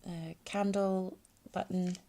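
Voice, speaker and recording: A woman hosting a craft tutorial, hesitant with many ums, dropping to soft murmurs as she works with her hands. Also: on the low side, level tone, slow. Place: home craft space.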